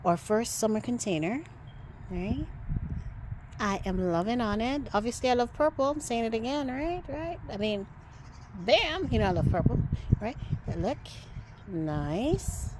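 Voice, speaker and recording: A woman's voice: on the high side, lively intonation, unhurried, pauses often, background noise. A woman hosting a gardening vlog outdoors, chatting casually and playfully to the camera, teasing herself. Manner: chatty, playful, self-teasing, calls viewers beautiful people. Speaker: gardening channel host.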